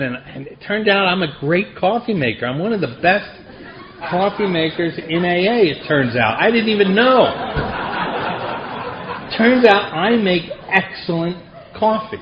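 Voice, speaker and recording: A man's voice: fairly high pitch, lo-fi sound, a little hiss or hum. A middle-aged man giving a personal story at a recovery meeting, wry and self-deprecating. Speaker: AA speaker. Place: meeting hall.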